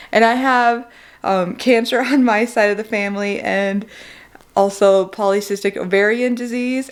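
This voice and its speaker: A woman's voice: a little high, smooth. A young woman giving an emotional vlog update, fighting back tears and laughing nervously as she talks. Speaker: vlogger.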